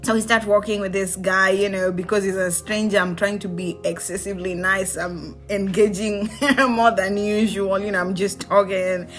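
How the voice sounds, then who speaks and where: A young woman with a Kenyan accent chats through a personal story in a loose, lively way, with a mid-pitched voice and her laughs breaking in. Faint music runs quietly behind her. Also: moderate pace, few pauses. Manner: animated, mixes in Swahili slang, laughs often. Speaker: vlogger. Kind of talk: casual storytelling.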